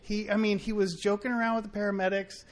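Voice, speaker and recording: High-voiced man telling a rambling story. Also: fast. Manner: animated, rambling, many fillers. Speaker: friend sharing a story. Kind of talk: personal story at a faith gathering.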